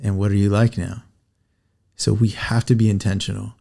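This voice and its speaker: A man co-hosting a casual parenting podcast, earnest and encouraging, and quick to laugh. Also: fairly low pitch, flat delivery, gravelly, dark tone. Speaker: podcast co-host.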